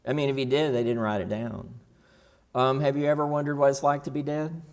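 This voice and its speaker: A man's voice: medium pitch, fairly even intonation, brisk. A man teaching a Bible class in a church classroom, casually quizzing his students. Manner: asks the class questions, folksy and casual.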